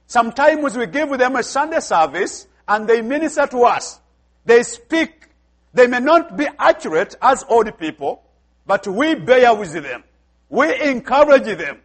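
A man with an African accent preaches in a very high voice. He delivers an emphatic sermon. He keeps putting questions to the congregation. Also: fairly bright tone.

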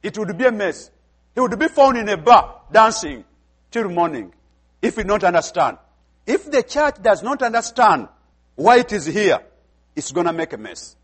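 High-voiced visiting pastor preaching emphatically. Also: male voice, very animated, moderate pace, husky. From outside the United States. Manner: emphatic preaching, repeats phrases, acts out dialogue. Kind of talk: sermon.

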